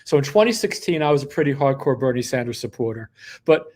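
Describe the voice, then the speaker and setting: An older man from New York talks in a loose, casual monologue, drifting from story to story. He drops dry, wry jokes along the way. His voice sits at an ordinary middle pitch for a man. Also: expressive, fast talker, a little mellow. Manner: rambling storytelling with wry asides. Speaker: host of his own commentary show.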